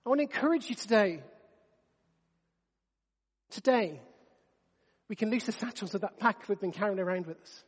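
A man's voice: high voice, animated, moderate pace, pauses often, slightly rough, big-room sound. A man in his thirties preaching a sermon, earnest and conversational, often restarting his sentences. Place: church.

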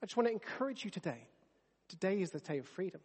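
Preacher with a high voice. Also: male voice, very animated, fast, darkish tone, slightly rough, big-room sound. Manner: earnest and conversational, with frequent restarts. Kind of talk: sermon. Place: church.

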